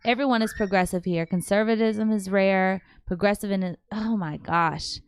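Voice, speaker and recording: A woman hosting a casual livestream from home, reading viewer questions and answering them in a chatty, animated way with slangy asides. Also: mid-range voice, normal speed, smooth, no echo, studio quality. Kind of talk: casual live chat.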